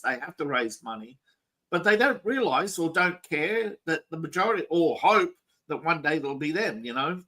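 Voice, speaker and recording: Bright-voiced man ranting about politics. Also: on the high side, low-quality recording. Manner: rambling, opinionated, many restarts. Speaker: podcast host. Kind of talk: casual political chat.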